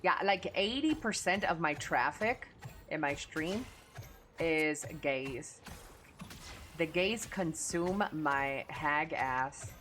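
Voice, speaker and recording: A woman livestreaming a game, talking crudely to her chat and yelling at her teammates. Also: low voice, lively intonation, slow pace, a little hiss or hum. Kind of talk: live gaming stream chat.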